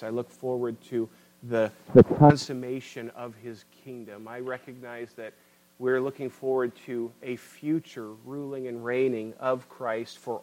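A man's voice: medium pitch, a little mellow, rough recording. A man preaching a sermon with impassioned, rising and falling emphasis, addressing listeners as beloved.

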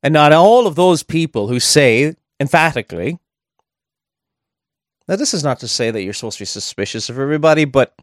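A man's voice: a little high, animated, brisk, no room sound. Conversational male preacher, dry sound. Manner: conversational, thinking aloud with asides. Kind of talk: sermon.

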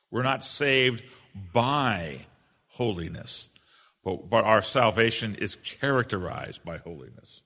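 A man preaches with an earnest, emphatic delivery, doubling back on his words as he teaches. His voice is bright and forceful. A long hall reverb trails behind each phrase. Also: medium pitch. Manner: earnest and emphatic, with frequent quick restarts. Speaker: preacher teaching a confession of faith. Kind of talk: sermon-style teaching.

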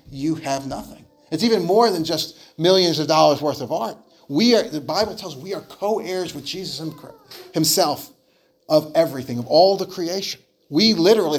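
Earnest male preacher, somewhat high voice. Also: slightly rough. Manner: earnest, repeats words when starting phrases. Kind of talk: sermon storytelling.

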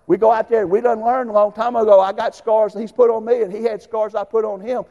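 A middle-aged man, a pastor telling his own story in a sermon, folksy and given to shouted bursts. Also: sits high, steady tone, brisk, hardly any pauses, in a large hall, dull audio. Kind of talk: sermon testimony.

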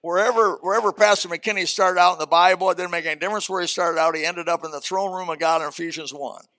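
A man's voice: high-pitched, steady tone, fast, bright, forceful tone. An older man, a senior pastor preaching a sermon in a church auditorium in a folksy, emphatic way with humorous asides.

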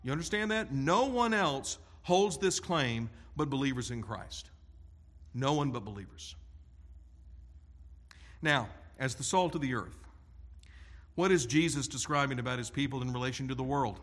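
A man preaching a sermon, slow and deliberate, stressing key words and repeating phrases for emphasis. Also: medium pitch, lively intonation, fairly bright tone. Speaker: pastor.

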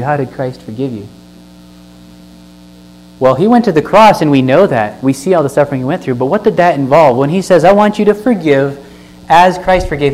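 A man's voice: fairly high pitch, a little mellow, poor audio. A man preaching a sermon, reading scripture aloud and explaining it with earnest stresses and questions to the listeners. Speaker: pastor. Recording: faint mains hum.

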